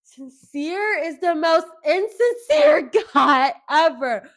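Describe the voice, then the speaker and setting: A young woman hosting her own podcast, talking casually in gossipy, animated rants. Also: very high-pitched. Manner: animated, gossipy, quick rants with mimicked voices. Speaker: podcast host. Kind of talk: casual solo chat.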